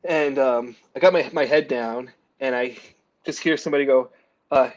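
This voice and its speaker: A comic book artist with a slightly high voice, talking at a normal pace, jokes about himself in a casual interview, full of "like" and acted-out quotes from others. Frequent laughter and little coughs punctuate his animated stories, and the audio's highs are cut off.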